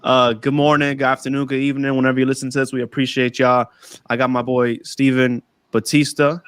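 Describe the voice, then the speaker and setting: A man's voice: medium pitch, level tone, brisk, a bit bright, clear, resonant tone, dry recording. A young man hosting a podcast, chatting casually with slangy, laid-back banter. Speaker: podcast host. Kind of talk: casual chat.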